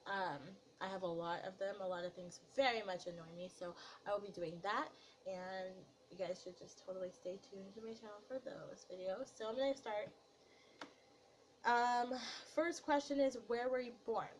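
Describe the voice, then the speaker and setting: A young woman in her twenties with a nasal, slightly deep voice. She chats casually in a get-to-know-me vlog, rambling loosely and leaning on fillers, at an ordinary middle pitch. Faint background noise sits under the recording. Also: steady tone, moderate pace, low-quality recording. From Italy. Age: 20s. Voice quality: nasal, deeper voice. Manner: chatty, rambling with many fillers. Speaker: vlogger.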